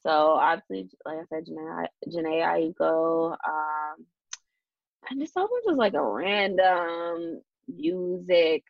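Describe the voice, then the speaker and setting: A woman's voice: sits low, expressive, takes it slowly, creaky, no echo. A young woman hosting a casual podcast chat, rambling with lots of fillers and restarts. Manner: rambling, many fillers and restarts, laughs often. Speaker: podcast host. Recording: dull lo-fi sound.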